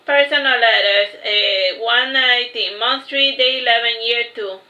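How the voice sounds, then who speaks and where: A woman reading her own first-person story aloud, in a steady read-aloud manner with occasional slips. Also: fairly high pitch, measured pace. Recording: echoey room, slightly dull lo-fi sound.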